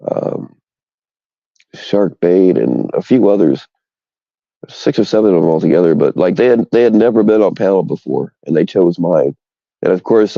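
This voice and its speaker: Deep gravelly man, crude rambling chat. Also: dark tone, dry recording, lo-fi sound. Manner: rambling, bawdy, joking. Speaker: livestream host. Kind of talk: casual crude chat with viewers.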